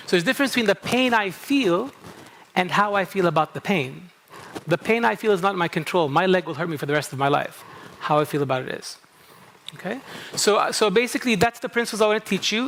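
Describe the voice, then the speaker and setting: A man's voice: high voice, a bit bright, slight background noise. A middle-aged man from Kuwait with a slight New England tinge to his English, giving a conversational talk at a conference and often checking in with the audience. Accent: American-tinged English from New England camp. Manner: conversational, asks the audience "okay?" often, self-interrupting. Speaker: speaker introducing a panel. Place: conference hall.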